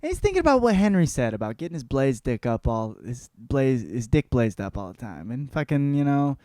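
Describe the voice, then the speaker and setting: A man's voice: mid-range voice, big pitch swings, a little fast, mellow, no echo, clean studio sound. A man hosting a podcast, giving a crude comedic book report in a profane, rambling way. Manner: profane, rambling, puts on voices for characters. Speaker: podcast host.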